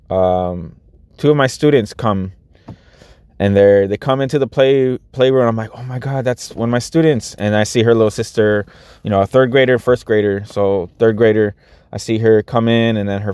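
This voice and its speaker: Man, thirties, low voice, smooth and clear, dry close sound, casual vlog, earnest, rambling with restarts. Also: steady tone, normal speed, darkish tone, no room sound. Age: 30s. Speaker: vlogger and after-school teacher. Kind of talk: casual vlog talk to viewers.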